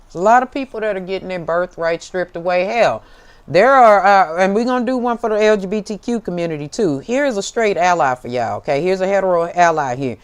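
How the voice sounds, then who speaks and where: A woman's voice: fairly low pitch, lively intonation, a little fast, clean tone. Fiery, profane American woman preaching. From United States. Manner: fiery, profane, preachy, calls listeners baby. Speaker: tarot show host. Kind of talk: impassioned direct-to-camera monologue.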